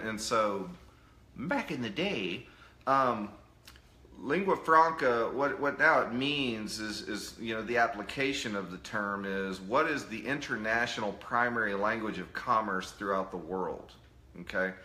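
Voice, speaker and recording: A man's voice: fairly low pitch, sharp tone, roomy sound. A man giving a casual live-stream lecture, joking with the chat and tagging his points with "right?". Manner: jokey, peppers points with "right?". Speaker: presenter of a live online talk.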